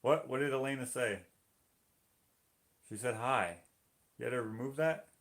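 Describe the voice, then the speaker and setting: On his live painting stream, a Canadian host reads viewers' comments out loud and trades jokes with them in a casual chat. His voice is mid-range with a fairly bright tone, delivered at a measured pace.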